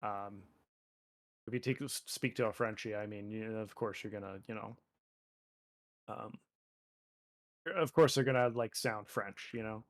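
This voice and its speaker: A man's voice: lowish voice, steady tone, unhurried, long pauses. A young Canadian man with a Canadian accent, chatting casually and joking while he draws on a live stream, with lots of fillers. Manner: rambling, joking, heavy fillers. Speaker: artist and streamer. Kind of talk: casual chat while drawing.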